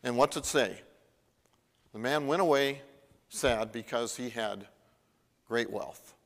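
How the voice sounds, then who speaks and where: A man's voice: medium pitch, slow, vocal fry, fairly bright tone. Man preaching in a reverberant hall. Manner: conversational, acts out the Bible dialogue. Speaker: pastor. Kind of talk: sermon. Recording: long reverb of a large hall.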